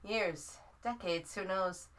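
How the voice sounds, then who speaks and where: A woman's voice: medium pitch, slow pace, a bit bright. A woman reading the lines of a smug, playful young man in a story, with a casual, lightly teasing delivery. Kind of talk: reading dialogue aloud from a story.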